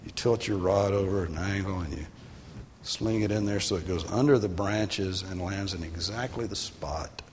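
A male pastor giving a sermon in a conversational way, sometimes rising for emphasis and then dropping low. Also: moderate pace, darkish tone, slight background noise. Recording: long hall reverb.

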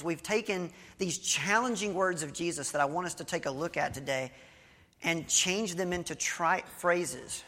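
A man's voice: on the high side, bright, forceful tone. Man preaching in a reverberant church. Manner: conversational preaching with restarts and asides. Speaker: pastor. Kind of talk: sermon. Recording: long hall reverb.

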